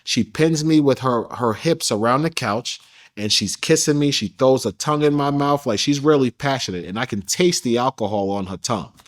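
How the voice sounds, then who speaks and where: A man's voice: mid-range voice, moderate pace. Blunt, slangy male interview guest. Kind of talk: candid first-person storytelling.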